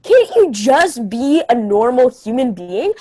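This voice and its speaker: A woman's voice: a little high, very animated, slow pace, mellow, no room sound, rough recording. A young teen girl improvising a comedy scene on a video call, scolding with exasperated indignation. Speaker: improv camp performer.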